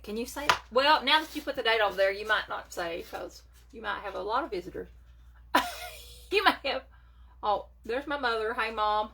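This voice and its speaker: Bright and forceful with a breathy edge, this woman's voice runs on the high side. She's hosting a relaxed makeup livestream from home on a phone or webcam, talking with viewers and calling them by name.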